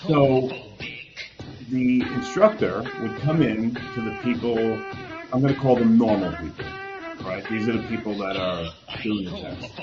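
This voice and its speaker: A man's voice: on the low side, a little slow. A man casually retelling a story from memory, rambling and hedging as he goes, acting out the people in it. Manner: rambling, recounts from memory with hedges. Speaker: host. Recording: dull lo-fi audio with music behind.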